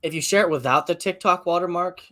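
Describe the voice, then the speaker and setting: A man appearing as a guest content creator, chatting casually in a playful, animated way and laughing easily. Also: high-pitched, fast. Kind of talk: casual chat.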